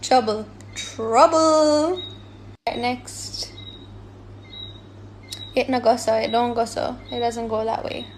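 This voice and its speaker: A woman's voice: a little high, fairly even intonation, takes it slowly, pauses often, a little hiss or hum. A woman explaining patois words one by one.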